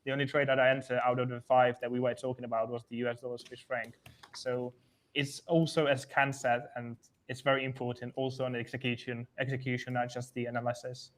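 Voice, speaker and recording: A man's voice: mid-range voice, level tone, quick pace. A man co-hosting a live trading stream, talking casually with loose grammar, frequent repeats and restarts. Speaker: trading analyst co-host.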